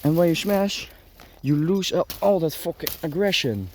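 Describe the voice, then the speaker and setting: A man's voice: fairly high pitch, expressive, normal speed, darkish tone. A man vlogging outdoors, swearing constantly and grunting as he forces his way through bushes. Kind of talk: rambling outdoor vlog. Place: outdoors in dense bushes and trees. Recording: noisy outdoor recording with rustling foliage. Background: rustling branches and a dog barking.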